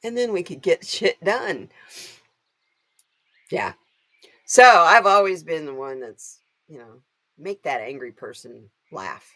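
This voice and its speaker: A woman's voice: on the low side, expressive, slow pace, long pauses, pushed and bright. A woman hosting a live stream, talking casually while she reads cards. Her voice rises and falls a lot, and she laughs easily and greets viewers by name as she goes.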